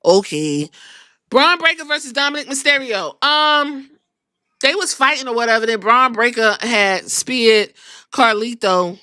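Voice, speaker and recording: A woman's voice: fairly high pitch, lively intonation, a little slow, bright, forceful tone, no room sound, studio quality. A young woman hosting a podcast, recapping wrestling in a sassy, profane, casual way. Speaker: podcast host.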